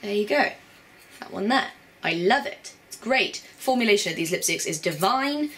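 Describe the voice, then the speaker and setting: A woman's voice: mid-range voice, animated, moderate pace, fairly bright tone. A young woman, chatting casually and bubbly as a beauty vlogger. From Britain. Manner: bubbly and chatty, with playful put-on voices. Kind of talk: casual chat.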